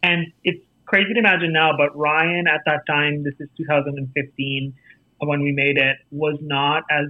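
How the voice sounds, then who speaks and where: A man with an American accent, an actor telling stories about his career in a casual interview, animated and acting out quoted voices. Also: on the high side, normal speed, no room sound. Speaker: actor and festival jury guest. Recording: tinny phone-like line.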